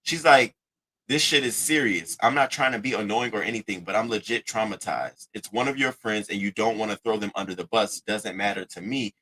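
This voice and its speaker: A man hosting a casual commentary, reading text messages aloud and reacting to them with a profane, animated delivery. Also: on the low side, fairly quick, low-quality recording. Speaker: commentary host.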